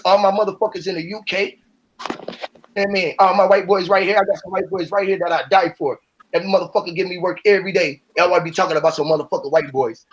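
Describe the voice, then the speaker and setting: Man with a high voice, preaching hard and swearing freely as a speaker on a live call-in panel. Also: fairly bright tone. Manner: profane, fired-up, preachy.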